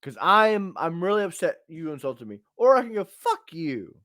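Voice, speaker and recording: A man's voice: high-pitched, sing-song, brisk, fairly bright tone, no room sound, clean studio sound. A man co-hosting a podcast, talking in a blunt, emphatic and profane way as he rants about tough love. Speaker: podcast co-host. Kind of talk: casual opinionated podcast chat.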